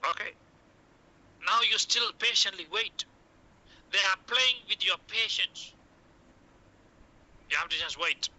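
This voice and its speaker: A man lecturing in short, repetitive coaching phrases, with "okay" after nearly every point. His voice sits a little high for a man and sounds very bright and sharp. He acts out the doctor's lines as he teaches. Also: takes it slowly, long pauses, rough recording. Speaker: medical communication teacher. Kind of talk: classroom lecture.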